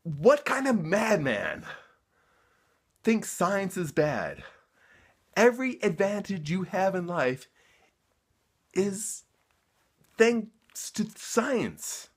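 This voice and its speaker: A man with a slightly higher-than-average voice rants straight to camera, worked up and emphatic. He leans on sarcasm and, when heated, stumbles and repeats words before pushing on. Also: big pitch swings, extremely slow, pauses often, breathy edge. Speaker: vlogger.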